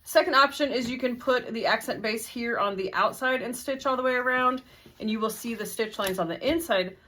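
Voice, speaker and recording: A woman's voice: fairly high pitch, brisk, pushed and bright, a little hiss or hum. A woman walking through a sewing tutorial step by step, in a friendly, methodical, casual way. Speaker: sewing instructor.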